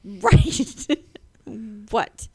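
A woman co-hosting a podcast, chatting casually and laughing while reading out odd news stories. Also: extremely slow. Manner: giggly, animated, playful. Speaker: podcast co-host.

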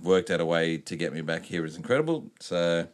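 A man co-hosting a podcast, talking in crude, rambling banter and reading sports news haltingly. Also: deep voice, lively intonation. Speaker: podcast co-host. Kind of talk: casual sweary podcast banter.

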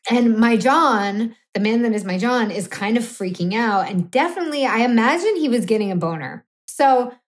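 A woman's voice: fairly high pitch, expressive, normal speed, hardly any pauses. A woman, co-hosting a podcast and telling an explicit story in a blunt, self-mocking way. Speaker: podcast co-host. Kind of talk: candid comedic storytelling.

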